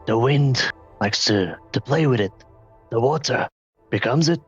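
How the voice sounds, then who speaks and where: A man voicing a calm, cryptic old male mentor who speaks in slow riddles, on a dull lo-fi call. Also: medium pitch, breathy edge, soft background music.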